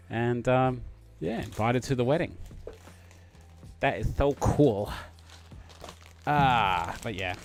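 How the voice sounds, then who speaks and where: Man, Australian accent, casual live stream chat, excitable, chatty, ordinary pitch, faint background music. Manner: chatty and excitable, with many fillers.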